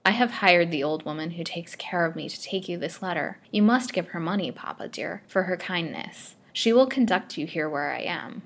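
A woman's voice: fairly low pitch, lively intonation, moderate pace, few pauses. A woman reading a timid, pleading young captive. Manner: timid, imploring. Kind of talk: storybook reading.

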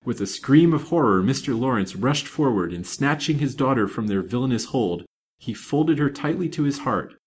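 A man narrating a serialized old novel in a measured, dramatic reading. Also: medium pitch, animated, a little hiss or hum. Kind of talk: scripted audiobook narration.

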